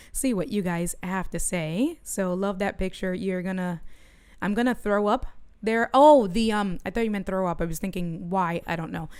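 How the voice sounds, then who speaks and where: A middle-aged woman streaming from her home studio, telling a story in an animated way and talking to her chat. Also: mid-range voice, clear, resonant tone. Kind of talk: casual livestream chat.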